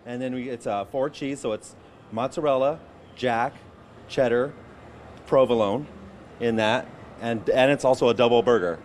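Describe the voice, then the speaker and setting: A man's voice: mid-range voice, moderate pace, long pauses, darkish tone, slight background noise. A man working as a stadium concessions chef, speaking eagerly and plainly in an on-location TV interview.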